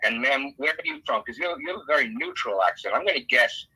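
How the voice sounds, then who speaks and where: Middle-aged male guest, blunt and quizzing, raspy and sharp-toned. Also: mid-range voice, wildly swooping pitch, fast, poor audio. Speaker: podcast guest, political operative. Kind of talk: casual interview chat.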